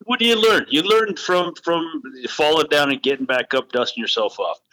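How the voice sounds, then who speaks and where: Bright-voiced man, blunt and joking. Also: fairly high pitch, normal speed. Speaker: podcast co-host. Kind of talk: casual chat.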